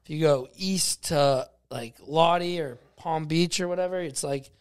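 A man with a somewhat high voice co-hosting a podcast. He talks bluntly and casually. He swears freely. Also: measured pace, clean tone. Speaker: podcast co-host. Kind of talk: casual chat.

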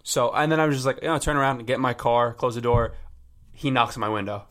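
Young male co-host, mid-pitched, laid-back, casual swearing. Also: fast talker, fairly bright tone. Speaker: podcast co-host. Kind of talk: casual chat.

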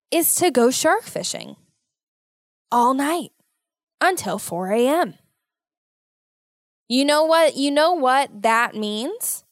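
A woman hosting a casual solo podcast, talking in an animated, worried, motherly way and exaggerating her fears. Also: sits high, no room sound, clean studio sound. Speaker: podcast host.

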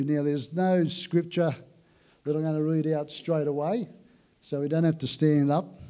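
Mellow-voiced male pastor. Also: fairly high pitch. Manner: relaxed joking with the congregation. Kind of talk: sermon introduction.

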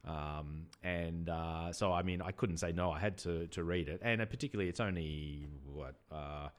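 A man with an Australian accent co-hosting a casual book podcast, talking in a relaxed, hesitant way with many ums and pauses. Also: deep voice. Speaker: podcast co-host.

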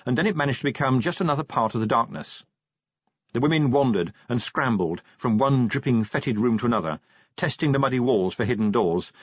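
A man narrating an audiobook with dry, measured storytelling. His voice is husky and his pitch moves a lot, on a dull, dry recording. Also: dry recording. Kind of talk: scripted narration.

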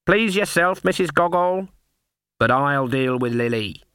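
A man playing a stern, proud old witch woman who speaks slowly and coolly. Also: deep voice, lively intonation, fairly bright tone, clean tone, no echo, studio quality. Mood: defiant. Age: older. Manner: cool, unyielding, slow deliberate speech.

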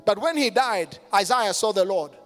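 A man preaching a sermon as a pastor, moving from loud declarations to hushed intensity and calling on the congregation to respond. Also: high voice, animated, normal speed. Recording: long hall reverb with faint music behind.

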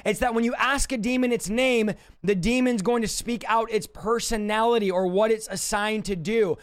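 A man's voice: sits high, fairly even intonation, normal speed, clean tone. A man preaching on a livestream, emphatic and confrontational, repeating his points for force. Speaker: deliverance preacher. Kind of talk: livestream teaching.

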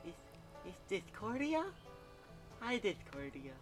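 A player voicing a confused, gentle creature who stammers and repeats words in a tabletop game. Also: female voice, medium pitch, very animated, over music. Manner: halting, stammering speech.

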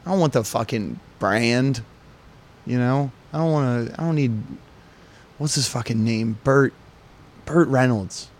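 A man's voice: medium pitch, unhurried, pauses often. A man hosting a solo podcast, talking in a profane, rambling and joking way. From United States. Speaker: podcast host. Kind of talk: casual solo podcast monologue.

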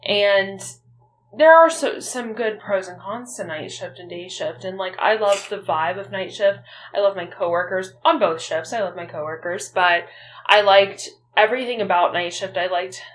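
A woman's voice: mid-range voice, fairly bright tone. A woman co-hosting a podcast in casual chat, talking candidly and bluntly and swearing freely. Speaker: podcast co-host.

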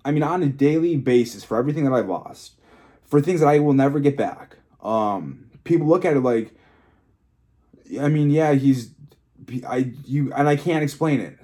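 A man's voice: medium pitch, moderate pace, dark tone. A young man talking frankly and emotionally in a solo vlog, rambling, restarting and swearing freely as a fitness coach. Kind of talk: candid solo vlog monologue.

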